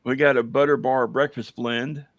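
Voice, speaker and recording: A hoarse man chatting casually on a livestream as a veteran guest, rambling with many fillers and telling jokes. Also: mid-range voice, flat delivery, moderate pace, no echo, highs cut off. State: hoarse, losing his voice. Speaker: veteran guest running a coffee business.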